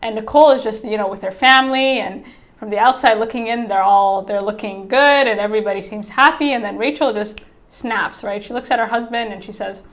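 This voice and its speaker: A woman's voice: fairly high pitch, fairly quick, fairly bright tone. Chatty woman recapping a TV episode. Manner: chatty, frequent "like" and "right?"; acts out characters' quotes in her own voice. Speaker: TV reviewer. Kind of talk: casual recap commentary.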